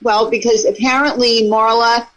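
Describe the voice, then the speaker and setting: A woman's voice: on the high side, flat delivery, normal speed, fairly bright tone, poor audio. A woman co-host telling a rambling, self-defensive story in a casual chat, with plenty of swearing.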